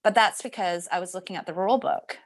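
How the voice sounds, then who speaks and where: A woman's voice: fairly low pitch, fast talker. A woman speaking as a podcast guest, reflective and candid, often laughing and restarting her sentences. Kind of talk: candid personal conversation.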